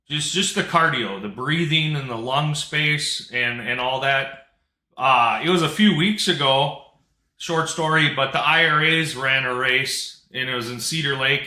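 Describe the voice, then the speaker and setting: A man's voice: a little high, pushed and bright, reverberant. A man hosting a live talk show, telling stories in a blunt, emphatic way. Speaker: host.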